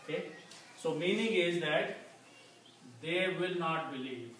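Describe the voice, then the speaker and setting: A man's voice: a little high, fairly bright tone. Patient man teaching in an echoey room. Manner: slow, repeats key words patiently. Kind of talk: Arabic language lesson. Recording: very echoey room, distant mic, faint noise.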